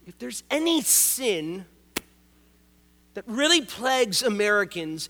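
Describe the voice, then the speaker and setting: A man's voice: very high voice, very animated, unhurried, sharp tone. A male pastor preaching a sermon, conversational and joking, who drives points home by repeating key words. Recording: long reverb of a large hall.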